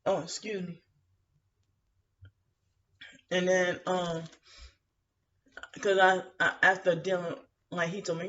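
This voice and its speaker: A woman vents to camera in a rambling, indignant monologue, stopping and restarting her sentences and leaning on fillers. Her tone is bright and edgy. The sound is muffled and lo-fi, and she sits some distance from the mic. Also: lowish voice, flat delivery, takes it slowly, pauses often, a little hiss or hum. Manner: aggrieved, indignant. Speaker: vlogger.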